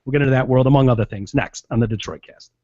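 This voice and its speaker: A man's voice: medium pitch, very fast, no room sound. A man hosting a podcast, trading crude jokes and teasing his co-hosts in casual banter. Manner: joking, animated, teasing. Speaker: podcast host. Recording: dull lo-fi dry sound.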